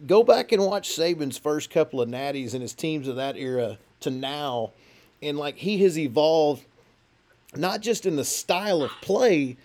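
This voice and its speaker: A man talks college football in loose, casual chat. He rambles and restarts his sentences. His voice sits a little higher than most men's. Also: expressive, measured pace, darkish tone. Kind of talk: casual sports talk.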